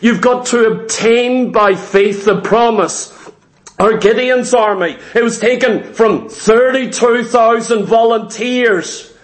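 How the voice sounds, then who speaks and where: A man's voice: extremely high pitch, slow pace. A man preaching a sermon to his congregation, emphatic and repetitive, asking many rhetorical questions.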